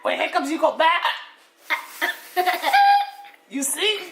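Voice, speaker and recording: A woman's voice: high voice, animated, exaggerated voice. A woman doing a cheeky teasing pig puppet. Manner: teasing, jokey, slow drawl. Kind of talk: puppet show for kids. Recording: echoey room with loud noise.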